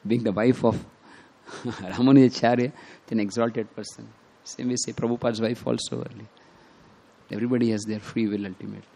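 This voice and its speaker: A man's voice: medium pitch, fairly even intonation, brisk, vocal fry, warm tone. A man preaching as he retells a devotional story, acting out quotes with small laughs. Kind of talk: sermon storytelling.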